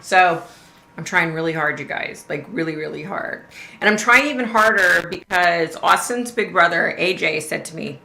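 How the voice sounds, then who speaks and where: A middle-aged woman talks casually to her livestream viewers, chatty and loose with swear words. Her voice is gravelly, bright and a little low, and it carries an echo from the room. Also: moderate pace, a little hiss or hum. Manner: chatty, swears freely, drawls "y'all". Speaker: host of a livestream.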